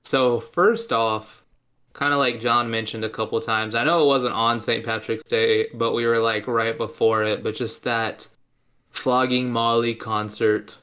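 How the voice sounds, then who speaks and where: A man's voice: mid-range voice, fairly even intonation, unhurried, sharp tone. A man co-hosting a podcast, chatting casually and enthusiastically, often repeating himself. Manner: enthusiastic, repetitive. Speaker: podcast co-host. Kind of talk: casual chat.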